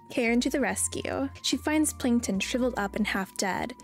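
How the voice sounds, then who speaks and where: Young woman, horror comic narration, casual slangy asides, higher voice, faint music behind. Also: expressive, normal speed, few pauses. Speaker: YouTube narrator. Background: faint background music.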